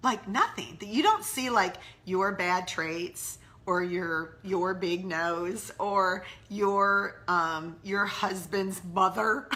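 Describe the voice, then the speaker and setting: A woman's voice: mid-range voice, big pitch swings, slow, few pauses, a bit bright. A middle-aged woman hosting a casual live stream, candidly answering viewers' questions and chatting with their comments. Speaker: host of a live mom-mentoring broadcast. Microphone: live-stream webcam or phone.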